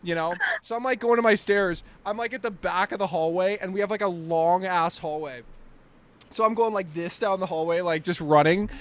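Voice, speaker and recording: A young man with a high voice tells crude, animated stories on a comedy podcast. He swears freely and acts out scenes with sound effects. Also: normal speed. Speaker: podcast host. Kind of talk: casual comedic storytelling.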